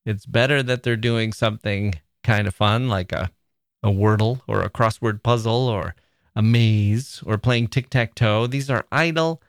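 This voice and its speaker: A man's voice: on the low side, a little slow, clear, resonant tone, no room sound. Man, podcast host, opinionated monologue, sarcastic, exasperated, dry sound. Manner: exasperated and sarcastic, then self-questioning.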